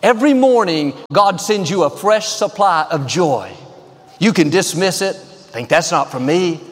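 A man's voice: high voice, animated, unhurried, long reverb tail. A man preaching a sermon as pastor, upbeat and confident, building to repeated declarations.

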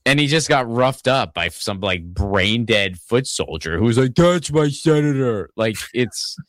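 A Pittsburgh, Pennsylvania man hosts a casual political podcast in a fairly low, animated voice at a measured pace, with a slightly bright tone. He rambles and swears, restarting sentences and wandering into asides. The recording is dry and clean, like a studio.

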